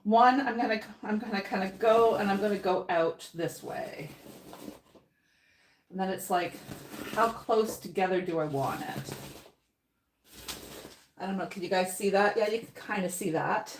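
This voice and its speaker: A woman's voice: mid-range voice, measured pace, pauses often, echoey room, a little hiss or hum. A woman hosting a live paint-along. She chats with her viewers, thinks aloud and laughs often while she works. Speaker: painting host.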